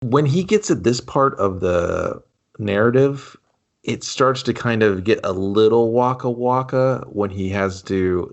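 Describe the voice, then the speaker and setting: A man co-hosting a casual movie review chat, laid-back, retelling scenes with acted-out lines. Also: fairly low pitch. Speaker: podcast co-host.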